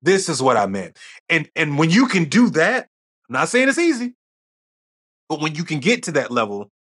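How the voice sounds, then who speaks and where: A man's voice: fairly high pitch, very animated, normal speed, fairly bright tone, breathy edge. A middle-aged man as a podcast guest, telling stories in casual conversation and acting out quoted dialogue.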